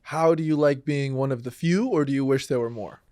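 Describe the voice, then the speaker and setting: A man co-hosting a comedy podcast, chatting casually with curious questions and quick reactions. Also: mid-range voice, darkish tone, no echo, clean studio sound. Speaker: podcast co-host.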